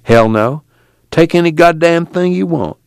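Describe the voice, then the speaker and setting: A man's voice: on the high side, expressive, unhurried, gravelly, clear, resonant tone, no room sound, clean studio sound, pitched above the performer's own voice. A man voicing a bitter, self-pitying one-eyed man with a whiny, complaining drawl.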